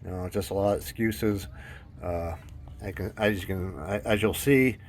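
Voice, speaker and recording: A man's voice: deep voice, fairly even intonation, normal speed, slight background noise. A man telling a casual, rambling story about his car hobby in a voice-over, full of fillers and restarts, chuckling often.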